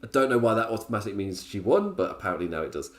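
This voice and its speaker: A man's voice: on the low side, sing-song, very fast. A man hosting a solo wrestling review podcast, rambling through his points, often laughing and drifting into tangents.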